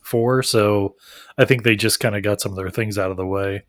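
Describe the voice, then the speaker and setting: A man's voice: on the low side, fairly even intonation, normal speed, fairly bright tone, dry recording, clean studio sound. A man co-hosting a casual chat, explaining behind-the-scenes details of an episode and laughing along. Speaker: podcast co-host.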